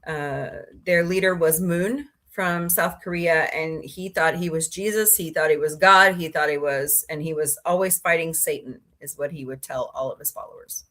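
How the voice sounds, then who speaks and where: A woman's voice: deep voice, steady tone, moderate pace, hardly any pauses, fairly bright tone. Sniffly woman hosting a chatty livestream. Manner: rambling, chatty, greets viewers by name. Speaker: livestream host. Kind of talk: casual livestream chat.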